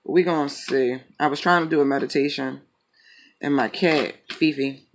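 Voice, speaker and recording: A man with a slightly high voice chats loosely before pulling tarot cards. He jokes, swears freely and drifts between tangents in a relaxed, rambling way. A faint hiss of noise sits under the recording. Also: moderate pace. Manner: joking, profane, rambling. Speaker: tarot reader. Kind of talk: casual chat and tarot reading.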